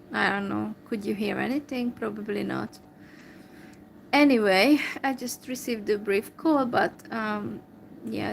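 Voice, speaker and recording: A Hungarian woman talking to camera in English with a Hungarian accent, replying to a viewer slowly and hesitantly, with many fillers. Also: on the high side, creaky, a little hiss or hum, rough recording. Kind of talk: casual talk to camera.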